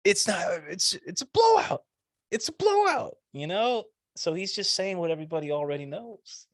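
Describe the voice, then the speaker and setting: A man co-hosting a casual chat podcast, excitable, swinging from low mutters to eager bursts. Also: moderate pace, no room sound, studio quality. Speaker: podcast co-host.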